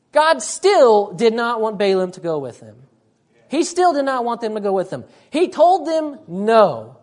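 A woman preaches a sermon in a fairly high voice, leaning hard on her points. She repeats lines for weight and keeps calling the congregation to listen.

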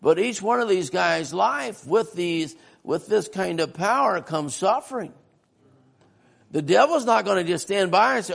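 A man's voice: sits high, expressive, unhurried, vocal fry. A man preaching a sermon-style history lesson in a church, folksy and often asking the congregation questions.

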